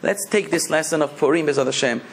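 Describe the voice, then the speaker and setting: A rabbi delivers a sermon in a high-pitched voice with a husky, slightly rough edge. He preaches with passion and leans into each point with emphasis. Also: quick pace.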